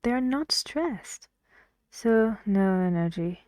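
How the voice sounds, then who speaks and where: Woman pronunciation teacher, unhurried and mellow, patient drills, dry close sound. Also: mid-range voice, no room sound. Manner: patient, drills words aloud, repeats for emphasis. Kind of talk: language lesson.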